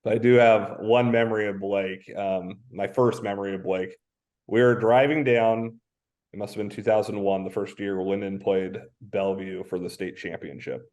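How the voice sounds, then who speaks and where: Man, 30s, from Washington State, low voice, reflective coach, casual podcast talk. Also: fairly even intonation, moderate pace, a little mellow. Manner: reflective, anecdotal, many "um" fillers. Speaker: high school football coach, podcast guest.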